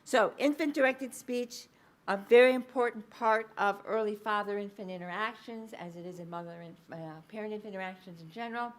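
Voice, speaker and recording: A woman giving a public lecture as a researcher, explaining findings in a lively storytelling way, with frequent ums and uhs. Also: mid-range voice, brisk. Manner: lively anecdotal storytelling, acting out quoted speech.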